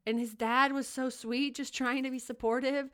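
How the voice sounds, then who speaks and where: A woman's voice: high voice, level tone, moderate pace, a bit bright, clean tone. Earnest woman teacher co-hosting podcast. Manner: earnest, storytelling, emotional. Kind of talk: casual podcast chat.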